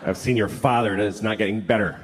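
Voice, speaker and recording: A man's voice: on the low side, quick pace, noisy background. A middle-aged man doing crude, mocking stand-up comedy and acting out other people's voices. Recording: live show with crowd laughter.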